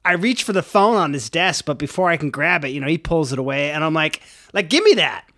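Young man, bright tone, casual first-person storytelling, lots of fillers, profane. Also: fairly high pitch, brisk. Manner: conversational, heavy fillers, profane. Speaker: narrator.

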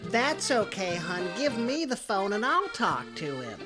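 A man voicing a sweet, motherly middle-aged housewife who speaks slowly and dotingly. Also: high voice, huge pitch swings, over music, voice pushed up, heavily acted. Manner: syrupy, slow, doting.

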